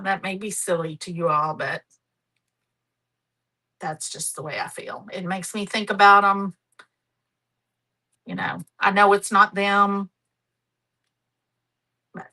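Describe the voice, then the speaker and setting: Lady doing a live craft demo, bright voice, takes her time, chatty and homey. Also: fairly low pitch, poor audio. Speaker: craft show host.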